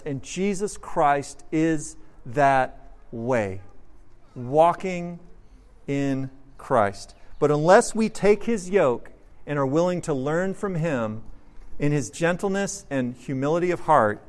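A man preaching a sermon as a pastor, earnest, moving from soft, slow passages to emphatic ones. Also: on the high side, animated. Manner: earnest, with dramatic swings between soft and emphatic.

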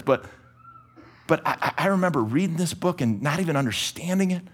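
A middle-aged pastor preaches from a church stage in a somewhat high-pitched voice. He talks energetically and casually, often restarting his words as he pushes his points. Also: expressive, fast, bright, forceful tone. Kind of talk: sermon.

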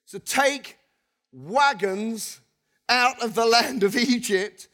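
A man's voice: extremely high pitch, slow pace. A middle-aged male pastor preaching a sermon, reading scripture with conversational asides and leading the congregation in call-and-response. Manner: animated, leads the congregation in repeated call-and-response; chuckles between points, conversational asides.

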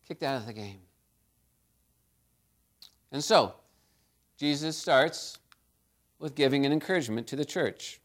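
Male pastor, higher register, animated sermon delivery with strong dynamic swings. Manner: storytelling, animated preaching with swings in loudness.

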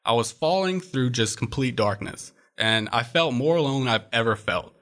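A young man with a bright, forceful voice, speaking as a guest on an interview show. He tells his story earnestly and reflectively, with plenty of "uh"s along the way. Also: mid-range voice, lively intonation, normal speed. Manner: earnest, reflective, frequent "uh" fillers. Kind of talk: personal testimony in interview.

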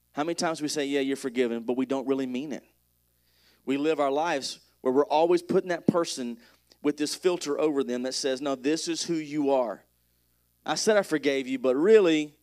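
A man's voice: mid-range voice, darkish tone. A man preaching a conversational sermon, joking with the congregation and reading scripture aloud with rising energy. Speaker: pastor.

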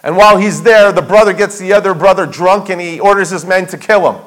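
Emphatic high-voiced male pastor preaching. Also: a little fast, a bit bright, low-quality recording. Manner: emphatic, rhetorical questions, repeats key phrases. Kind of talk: sermon. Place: church sanctuary.

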